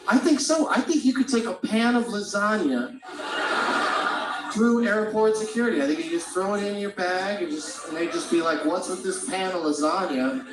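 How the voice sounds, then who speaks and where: A man's voice: sits high, normal speed. A man performing a stand-up comedy set in a comedy club, telling loose, rambling, profane stories. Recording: roomy live club sound from a distant mic.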